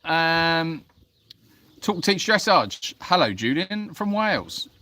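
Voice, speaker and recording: Outdoors among donkeys at an animal sanctuary, a man hosts a laid-back livestream, reading comments and calling out viewers by name with friendly self-deprecation. His high-pitched voice is bright and forceful, with lively intonation and a slow delivery. There's no room sound.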